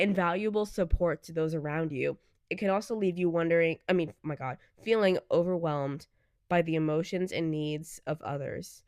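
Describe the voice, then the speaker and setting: A woman with a notably low, deep-set voice talks through her podcast in a candid, chatty way. She reads passages aloud and reacts to them in between. The sound is dry and close, with no room around it. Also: dry recording. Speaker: podcast host. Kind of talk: casual solo podcast chat.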